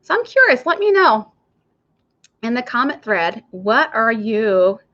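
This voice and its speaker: A woman's voice: a little high, sing-song, unhurried, pushed and bright, muffled recording. A woman working as a nurse and health coach, talking casually and chatting straight to her viewers. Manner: chatty, addresses viewers directly. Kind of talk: casual online coaching talk.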